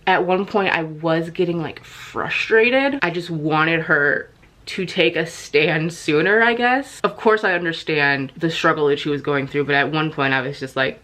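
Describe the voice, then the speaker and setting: Young female vlogger, relaxed and chatty, slightly low voice, recorded at home on a camera mic. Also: a little slow. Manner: chatty, expressive, talks to her dog in a high voice. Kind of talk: casual vlog chat.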